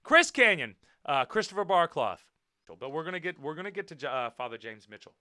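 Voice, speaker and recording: An American man hosting a casual wrestling podcast, talking in an animated, blunt way, swearing now and then and repeating himself for emphasis. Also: on the high side, fairly quick, no room sound, studio quality. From United States. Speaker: podcast host and professional wrestler.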